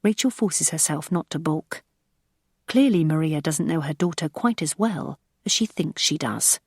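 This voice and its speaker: A woman narrating an audiobook thriller in a measured, even storytelling voice. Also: deep voice, slightly rough, no room sound, clean studio sound. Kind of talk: scripted narration.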